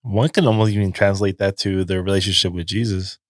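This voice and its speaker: A man hosting a podcast, asking measured, thoughtful questions in a casual chat. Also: low-pitched, fairly even intonation, no room sound, studio quality. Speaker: podcast host.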